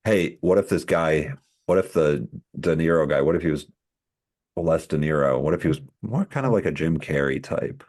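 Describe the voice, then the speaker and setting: Podcast co-host, man, extremely deep voice, rambling casual delivery. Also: normal speed, darkish tone. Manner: rambling, full of "like" fillers. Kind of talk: casual chat.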